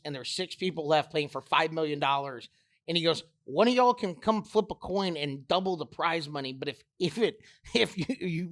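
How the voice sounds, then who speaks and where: Blunt, swearing man co-hosting a podcast. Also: on the high side. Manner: blunt, profane, animated storyteller. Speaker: podcast co-host. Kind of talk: casual sports podcast chat.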